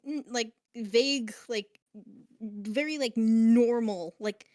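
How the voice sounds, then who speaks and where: A woman's voice: a little high, slow, darkish tone, no echo, studio quality. A woman with a general American accent chatting as a stream guest, rambling and giggly. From United States. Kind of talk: casual online chat.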